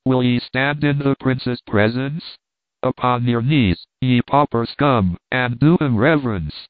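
A man voicing a gruff, brutal pauper father, harsh and commanding, with a tinny phone-like sound. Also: medium pitch, measured pace, dry recording, close to an everyday voice. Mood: angry.

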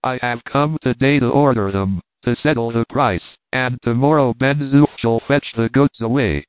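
A man's voice: mid-range voice, normal speed, dry recording, close to an everyday voice. A man playing a curt, impatient army captain. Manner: curt, commanding. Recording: dry tinny phone-like sound.

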